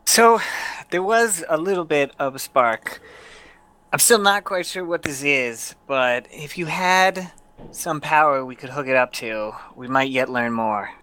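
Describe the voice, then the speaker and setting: A man as a player, speaking in character in a careful, measured way. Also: fairly high pitch, sharp tone. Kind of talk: in-character tabletop play.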